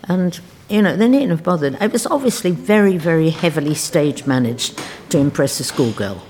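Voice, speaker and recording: Elderly English woman, low husky voice, wry storyteller in an interview. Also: normal speed. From England. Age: older. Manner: lively, wry, precise storyteller. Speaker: interviewee recalling wartime childhood. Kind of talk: conversational storytelling.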